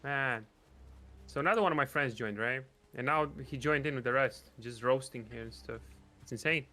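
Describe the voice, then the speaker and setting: A male streamer with a bright, forceful voice chats loosely while he plays with friends. He jokes around, talks to his viewers and tells little stories mid-game. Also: mid-range voice, moderate pace. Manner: chatty and joking, talks to chat. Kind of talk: casual gaming chat.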